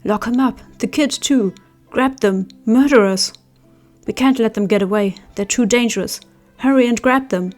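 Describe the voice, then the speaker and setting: Shrill angry villagers, as a woman puts them on. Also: moderate pace, faint music behind, close to an everyday voice. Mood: furious. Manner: accusing, shrill shouting. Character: angry shouting villagers in a mob.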